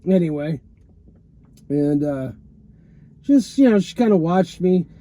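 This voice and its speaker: A man's voice: fairly high pitch, lively intonation, slow, mellow. A man telling his own story in a loose, rambling monologue from a parked car, full of "you know" and "man" and casual swearing. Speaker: vlogger telling a personal story.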